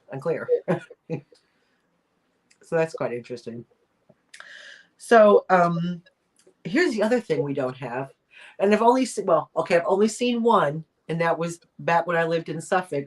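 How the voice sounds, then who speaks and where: A woman's voice: low voice, breathy edge. A woman hosting a casual live-stream chat, talking in a rambling way with lots of fillers and little laughs. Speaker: host of a live chat show.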